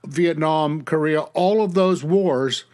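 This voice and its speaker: A man co-hosting a casual political chat, earnest and halting, with many fillers. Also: a little high, a little mellow.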